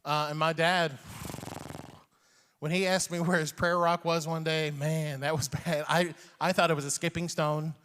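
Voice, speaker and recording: A man's voice: fairly high pitch, little pitch movement, normal speed, fairly bright tone, in a large hall, slight background noise. A man in his forties, from Iran, a comedian telling a rambling personal story with chuckles and acted-out quotes. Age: 40s.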